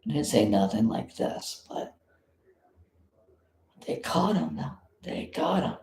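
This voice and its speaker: A woman's voice: low voice, sing-song, slow, creaky, mellow, reverberant. A woman from South Florida giving blunt, indignant live commentary as a vlogger, swearing freely.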